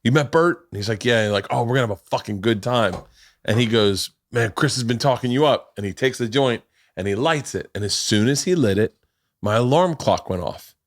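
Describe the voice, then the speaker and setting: A man's voice: mid-range voice, animated, fairly quick, dry recording. Rambling, swearing man telling stories. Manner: rambling storytelling, acts out quotes, swears freely. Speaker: podcast host. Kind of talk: casual chat.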